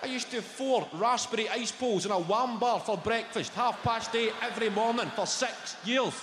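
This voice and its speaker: A young Scottish man performing a stand-up comedy routine, telling swearing, animated stories and doing impressions of people. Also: extremely high pitch, normal speed. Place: large comedy venue on stage. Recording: echoey hall with live audience noise. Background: audience laughter.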